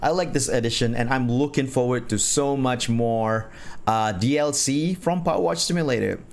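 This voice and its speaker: Male streamer, casual game-stream chatter, quick to giggle, mid-pitched and easygoing. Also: creaky. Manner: giggly, laughs often between remarks. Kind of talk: casual gaming stream chat.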